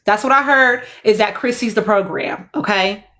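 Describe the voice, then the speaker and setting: A woman's voice: mid-range voice, moderate pace, bright, forceful tone. A young adult woman, hosting a casual commentary livestream, emphatic and fond of repeating her points. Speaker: livestream host.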